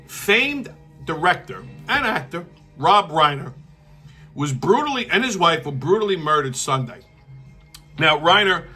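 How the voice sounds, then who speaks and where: Male host, blunt and profane, fairly high voice with a sharp, forceful edge. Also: slightly rough. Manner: blunt, heated, swears constantly. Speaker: show host. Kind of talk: profane political commentary rant.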